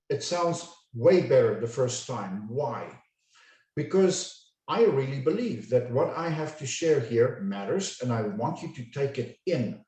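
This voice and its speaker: A man giving a webinar lecture as a communication coach, speaking slowly and deliberately and enunciating each word with care. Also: mid-range voice, animated, darkish tone. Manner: slow, deliberate, carefully enunciated. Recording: very echoey room, distant mic.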